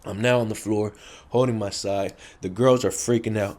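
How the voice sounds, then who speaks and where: A profane, streetwise man with a lowish, darkish voice speaks at a moderate pace with fairly even intonation. Recounting his past to camera in casual street storytelling, he is blunt and repeats key phrases for effect.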